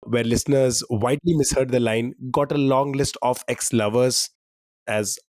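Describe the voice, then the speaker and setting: A man's voice: medium pitch, steady tone, normal speed, a little mellow, dry recording. Teasing man, dry close sound. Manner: teasing, laughs often. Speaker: podcast quiz co-host. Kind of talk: casual quiz-show banter.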